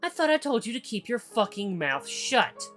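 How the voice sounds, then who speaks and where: A bitter, possessive ex-boyfriend from a visual novel , put on by a man, his voice pushed higher and swinging as he nags and accuses. The tone is bright and sharp. Soft guitar music plays faintly behind him. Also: big pitch swings, fast. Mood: spiteful, furious. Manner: whiny, accusing, raised pitch. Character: bitter possessive male ex, clingy and spiteful.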